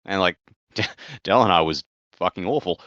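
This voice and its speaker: Low-voiced, excitable young man. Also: measured pace, no room sound. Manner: blunt, excitable, swears freely. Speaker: podcast co-host. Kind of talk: casual book discussion. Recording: dry, slightly dull recording.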